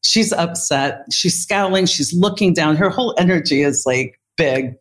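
A woman who leads in healthcare, telling a workplace story in an interview in an animated, vivid way. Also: fairly low pitch, moderate pace. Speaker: healthcare leader.

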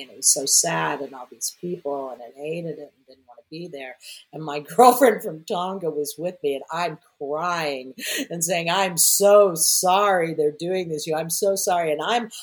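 A woman being interviewed as a guest, telling stories in a lively, conversational way and acting out the voices of the people in them. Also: low-pitched, moderate pace, rough recording. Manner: animated, acts out quoted voices. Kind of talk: conversational storytelling.

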